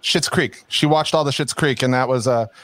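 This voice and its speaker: A man's voice: medium pitch, normal speed, a bit bright, dry recording. Laid-back man, dry close sound. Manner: laid-back, rambling, laughs easily. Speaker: podcast co-host. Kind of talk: casual chat.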